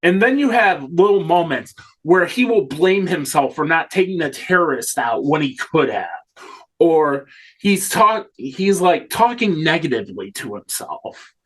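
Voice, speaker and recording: A man's voice: a little high, big pitch swings, a little slow. A man co-hosting a casual film discussion, enthusiastic and swearing freely. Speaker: podcast co-host.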